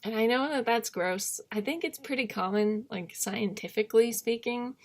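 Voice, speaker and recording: A woman's voice: fairly high pitch, moderate pace. A young woman vlogging in a candid, rambling monologue, self-deprecating and often trailing off into murmurs.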